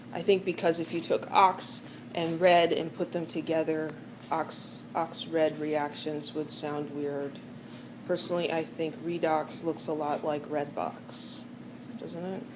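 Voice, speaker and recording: A woman's voice: fairly low pitch, a little mellow, slight background noise. A middle-aged woman teaching a chemistry lecture, chatty and joking, with many "um"s and "right?"s. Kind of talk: recorded classroom lecture.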